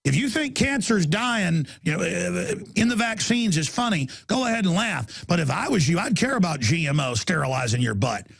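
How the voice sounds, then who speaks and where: Gravelly middle-aged male radio host, combative rant, high lively pitch. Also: normal speed, few pauses. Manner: aggressive, combative, loud outbursts. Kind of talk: ranting radio monologue.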